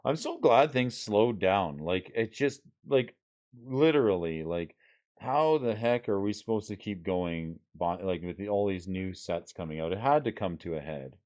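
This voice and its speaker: Low-voiced man chatting on stream. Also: animated, measured pace, darkish tone, lo-fi sound. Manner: reads card names and rules aloud, chats with viewers. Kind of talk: casual livestream chat while sorting cards.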